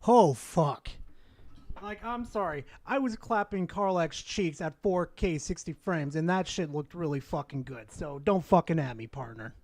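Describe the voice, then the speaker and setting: Man with a high voice, sarcastic, swearing, mocking, dry close sound. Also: expressive, a little slow, a little mellow, no room sound. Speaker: streamer reacting to a video. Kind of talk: casual live-stream rant.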